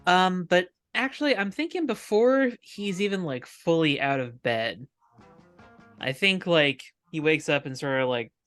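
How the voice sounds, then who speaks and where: A man's voice: on the high side, animated, measured pace, fairly bright tone, faint music behind. A man playing a tabletop role-playing game, playful and joking in casual chat with the table. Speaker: tabletop player.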